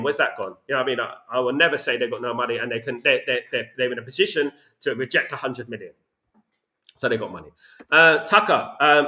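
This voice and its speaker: A man with a bright, pushed, mid-range voice hosts a casual live stream, reading viewer chat aloud. He answers bluntly and opinionatedly, often repeating himself and saying "you know what I mean."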